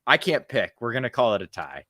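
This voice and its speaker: A man's voice: mid-range voice, very animated, brisk, sharp tone, dry recording. A man co-hosting a sports podcast, asking questions and weighing them with wry humor. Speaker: podcast co-host. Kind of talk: casual podcast chat.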